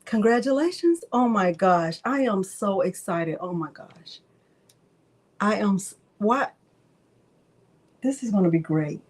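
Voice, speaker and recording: A woman's voice: mid-range voice, expressive, unhurried, pauses often, darkish tone. A middle-aged woman hosting a crafting livestream, gushing and exclaiming to viewers as she runs a prize drawing. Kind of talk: excited live stream chat. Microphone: desk microphone.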